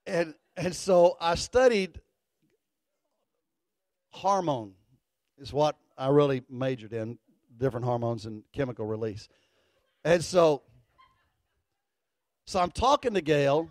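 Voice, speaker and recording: A middle-aged man, a pastor telling a folksy story in a sermon, animated and building to fervent declarations. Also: a little high, unhurried, long pauses, no echo.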